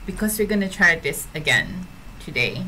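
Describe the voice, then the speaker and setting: A woman's voice: on the low side, very animated, moderate pace, pushed and bright, slight background noise. A woman giving casual, giggly gameplay commentary as a YouTuber and talking straight to her viewers. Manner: chatty, giggly, addresses viewers directly. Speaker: gaming YouTuber.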